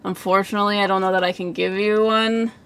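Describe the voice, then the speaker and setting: Gravelly-voiced woman chatting on a livestream. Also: medium pitch, level tone, quick pace, fairly bright tone. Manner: chatty, lots of "like" fillers, laughs often, swears casually. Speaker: psychic medium giving live readings. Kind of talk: casual livestream chat.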